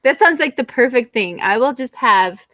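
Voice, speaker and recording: A woman's voice: a little high, expressive, moderate pace, pushed and bright, slight background noise. A woman co-hosting a writers' talk show, playful and asking questions. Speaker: podcast co-host. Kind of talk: casual chat.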